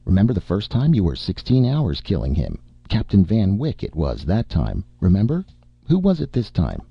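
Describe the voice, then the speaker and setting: A man reading a story, voicing a calm, noncommittal doctor who speaks in a gently coaxing, mournful way. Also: fairly low pitch, normal speed, creaky, breathy edge, dry recording, pitched above the performer's own voice, exaggerated voice. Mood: soothing. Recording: muffled lo-fi recording.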